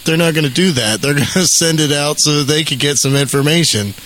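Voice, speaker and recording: A man's voice: a little high, brisk, fairly bright tone, slight background noise, rough recording. A man co-hosting a casual podcast chat, asking curious questions and laughing easily.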